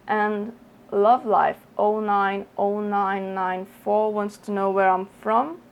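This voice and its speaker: A Brazilian woman whose English carries a British, somewhat posh ring from years in London, every T and H carefully sounded. Her mid-pitched voice has a gravelly, creaky edge. She talks in a relaxed, chatty way while going through viewer questions, a bit under the weather. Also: takes it slowly, dull audio. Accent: British English learned in London, Brazilian speaker. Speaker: channel host answering viewer questions. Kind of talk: casual Q&A vlog.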